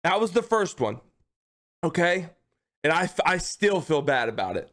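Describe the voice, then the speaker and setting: A man's voice: a little high, moderate pace. A man livestreaming, telling a long funny story to his chat in a casual, profane way, laughing often and tacking "okay?" onto his sentences. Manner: animated, profane, keeps checking in with "okay?".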